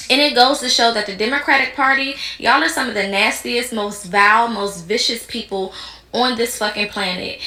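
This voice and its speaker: Indignant bright-voiced woman podcaster. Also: a little high, echoey room. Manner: heated, indignant, mocking. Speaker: podcast host. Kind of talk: commentary on video clips.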